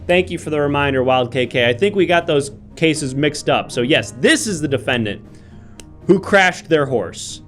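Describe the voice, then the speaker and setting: Playing a mock-formal judge, a man hosts an improv comedy livestream, thanking viewers and questioning defendants. His somewhat high voice is animated and at normal speed, with soft music behind him.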